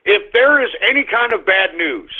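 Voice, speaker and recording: Angry high-voiced male radio ranter. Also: expressive, normal speed. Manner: angry, profane ranting with abrupt swings into shouting; blunt market-report delivery with fillers. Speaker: radio show host. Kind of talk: ranting talk radio monologue. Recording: narrow phone-line sound.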